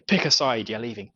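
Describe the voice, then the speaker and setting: A man voicing a gruff male riverboat captain with a pirate-like voice, scolding a deckhand. The audio sounds dull and lo-fi. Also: medium pitch, sharp tone, full character voice.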